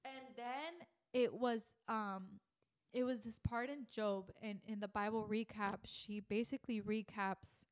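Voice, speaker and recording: Young female podcast host, lively storyteller who acts out her own thoughts. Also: fairly high pitch, unhurried. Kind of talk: faith podcast conversation.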